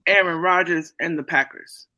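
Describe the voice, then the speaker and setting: A woman's voice: on the low side, moderate pace, pushed and bright. A woman co-hosting a sports podcast, arguing her picks assertively and holding the floor in casual debate. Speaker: podcast co-host.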